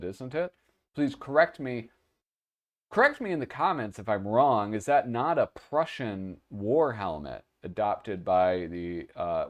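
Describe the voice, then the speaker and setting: A sleepy man hosting a casual commentary, rambling and hesitant with lots of fillers. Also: fairly low pitch. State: sleepy, yawning. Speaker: host.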